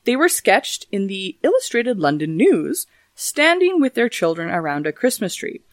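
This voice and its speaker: A woman hosts a laid-back history podcast at a middle pitch. She reads her facts in an easy, conversational way and drops in wry little jokes between them. The sound is dry and close, with no room echo. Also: big pitch swings, moderate pace. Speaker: podcast host. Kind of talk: casual history podcast chat.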